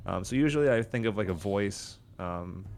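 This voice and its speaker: A man in casual chat about tabletop role-playing, talking in an animated way and slipping into character voices. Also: on the low side, normal speed, slight background noise. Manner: animated, slips into character voices mid-sentence. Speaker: podcast co-host and tabletop player.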